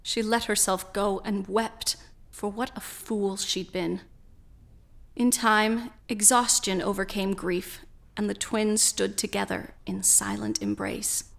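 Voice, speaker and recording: Slow, gravelly woman storyteller. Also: medium pitch, animated, a bit bright. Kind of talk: scripted story narration.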